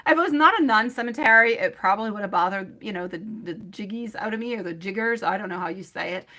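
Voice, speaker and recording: A woman hosts a live tarot stream, chatting loosely with her viewers. Her voice is bright and clear, sitting at an ordinary middle pitch. She rambles, laughs often and showers people with pet names like sweetie and my love. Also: quick pace. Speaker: tarot reader.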